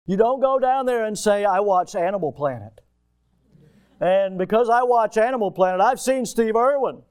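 High-voiced, animated man preaching a sermon. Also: smooth. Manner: animated, folksy storytelling, rhetorical questions.

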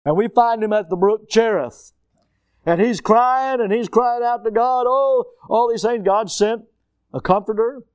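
A middle-aged man preaching a sermon, telling stories with lively rhetorical questions to his congregation. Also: high voice, measured pace, clean tone, dry recording. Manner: animated storytelling with rhetorical questions. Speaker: pastor.

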